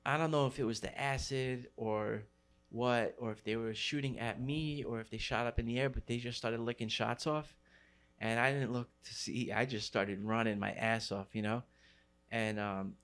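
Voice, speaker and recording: A man's voice: medium pitch, a bit bright. A middle-aged man from New City, telling his story in an interview with street slang and many fillers. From New York City. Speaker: graffiti writer.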